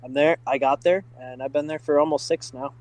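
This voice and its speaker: Excited man, podcast guest, loose rambling storyteller, slightly high voice. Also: fairly quick, poor audio. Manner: enthusiastic, many fillers like "like" and "uh". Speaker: podcast guest, driving school staff. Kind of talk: casual storytelling.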